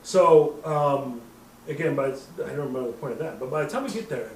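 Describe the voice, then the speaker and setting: A man's voice: mid-range voice, lively intonation, a little fast, slight background noise. Rambling, swearing man in an echoey room. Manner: rambling, profane, laughs often, puts on quoted voices. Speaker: podcast host. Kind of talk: casual storytelling. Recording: echoey room, mic at a distance.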